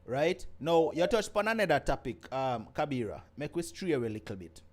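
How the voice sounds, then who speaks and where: A man's voice: on the high side, very animated, brisk. A man with a Jamaican accent hosting a live call-in stream, teasing his caller and reading out viewer comments. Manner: teasing, laughs often, reads viewer comments aloud. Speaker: host of a live call-in show. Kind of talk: casual live-stream chat.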